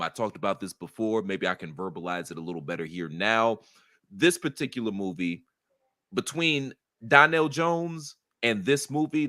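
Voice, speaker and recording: Bright, earnest man hosting a podcast. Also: fairly low pitch, no echo, clean studio sound. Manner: earnest, laid-back storytelling. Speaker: host. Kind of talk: casual podcast chat.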